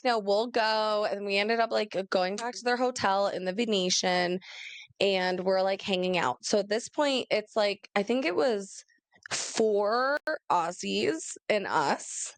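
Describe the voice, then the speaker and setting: A young woman co-hosting a podcast, telling a story in an animated, rambling way, full of "like". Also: mid-range voice, clean tone, dry recording. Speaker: podcast co-host. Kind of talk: casual chat.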